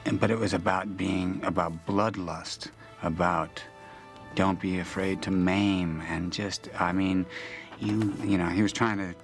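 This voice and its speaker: A man's voice: low voice, fairly even intonation, a little slow, faint music behind. A man in a documentary interview, telling a self-mocking story about a shoot and laughing often. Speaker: actor recalling a shoot. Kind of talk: casual interview anecdote.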